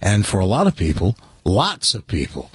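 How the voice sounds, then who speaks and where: A male radio host in his studio, telling stories with a wry, teasing, deadpan manner and doing live reads. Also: fairly low pitch, normal speed, breathy edge, no echo.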